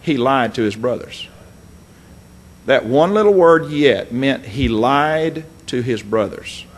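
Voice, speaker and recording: A man's voice: mid-range voice, expressive, slow pace, slightly rough. A man preaching a folksy, emphatic sermon, reading scripture and adding asides.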